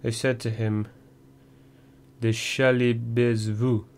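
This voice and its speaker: A man reading a first-person memoir audiobook in a measured, dry storytelling manner. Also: fairly low pitch, flat delivery, darkish tone, a little hiss or hum. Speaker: audiobook narrator.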